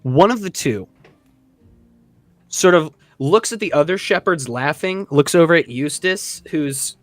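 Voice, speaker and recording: A man's voice: a little high, measured pace, no echo, faint music behind. Man casually narrating a tabletop game. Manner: casual, animated storytelling with many fillers. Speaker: dungeon master.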